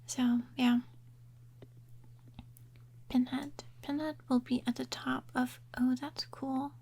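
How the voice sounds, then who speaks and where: A woman talking softly and in a half-whisper as she ranks game characters in a relaxed ASMR chat, trailing off and restarting her thoughts. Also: sits high, slow, breathy edge. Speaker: ASMR gaming creator. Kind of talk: soft-spoken ASMR chat. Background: quiet rain sounds.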